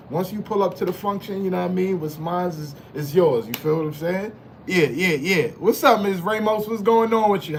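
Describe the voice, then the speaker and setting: Slight background noise sits behind this man's high-pitched voice. He's a livestream host keeping things casual, hyped, and slangy, welcoming chat members by name and repeating his phrases.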